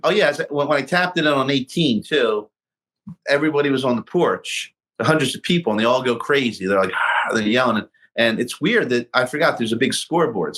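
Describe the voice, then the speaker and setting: A middle-aged man telling a golf story in a casual interview, acting out what he and others said along the way. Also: mid-range voice. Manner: animated storyteller, acts out his own past lines. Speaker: guest golfer telling his story.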